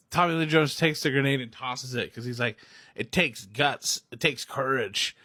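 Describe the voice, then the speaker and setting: This movie reviewer is a young man with a medium-pitched voice who rambles excitedly about a film and keeps breaking into laughter. Though self-filmed on a phone or camera, it sounds studio quality with no room sound.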